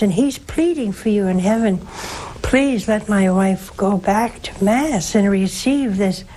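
An older woman, a nun, preaching and counseling callers on a religious call-in show, slow and emphatic, leaping up in pitch for stress. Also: darkish tone, low-quality recording.

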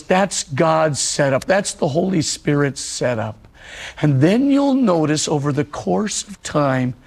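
A man, a priest, giving a spiritual teaching talk, telling a personal story and slowing down to speak short prayers, with many "of course" fillers. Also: on the high side, gravelly.

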